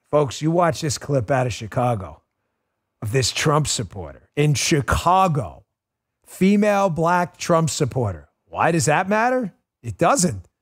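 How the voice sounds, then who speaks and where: Excitable talk-show host man. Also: on the high side. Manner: excitable, emotional, exclamatory. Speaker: podcast host. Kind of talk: animated political talk show.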